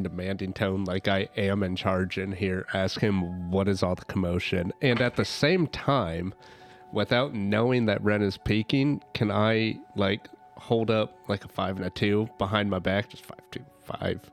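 A man playing a tabletop game, talking casually and swearing freely. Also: on the low side. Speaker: player.

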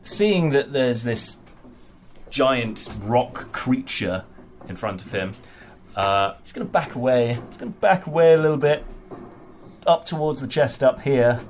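A man's voice: medium pitch, animated, unhurried. A man narrating as game master, hesitant and full of restarts. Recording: noisy home recording.

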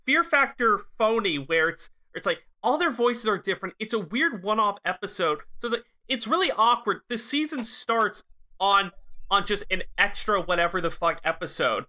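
A podcast co-host with a mid-range voice and a bright, forward tone. The talk is casual and quick to tease. Swearing comes easily. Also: medium pitch, lively intonation. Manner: chatty, swearing, teasing. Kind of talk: casual chat.

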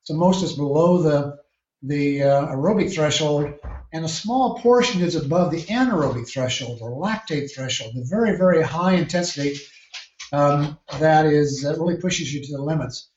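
A man, a triathlon coach, answering interview questions in a measured, explanatory way with frequent restarts. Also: fairly high pitch, a little mellow, a little hiss or hum. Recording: echoey distant lo-fi call.

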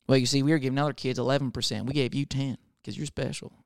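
A young adult man, a comedian, riffing in a casual rambling monologue, swearing often and slipping into quick voices of other people. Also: medium pitch, steady tone, creaky, dry recording, clean studio sound.

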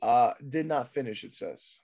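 A man with a voice gone hoarse, casually recapping a wrestling show with a friend, swearing freely and mimicking people in quick bits. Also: medium pitch, lively intonation, warm tone. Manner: loose, profane, mimics people in quick bits, trails off mumbling. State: losing his voice. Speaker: podcast host recapping wrestling. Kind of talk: casual chat.

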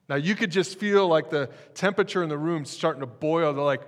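A man preaching a sermon as pastor, in a lively, conversational way with jokes. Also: fairly high pitch, fairly quick, few pauses, in a large hall.

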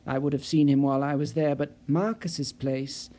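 A man's voice: mid-range voice, flat delivery, moderate pace, dark tone, lightly acted. A man voicing a nervous, fretful office worker in an audiobook, pleading and apologetic in manner. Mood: anxious. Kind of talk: audiobook character voice.

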